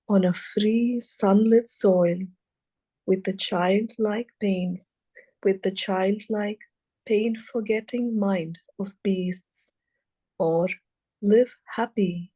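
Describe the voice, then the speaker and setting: A woman reading verse aloud in a measured way, pausing often between short phrases. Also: mid-range voice, mellow, husky, low-quality recording. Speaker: student reader. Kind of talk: slow poetry reading.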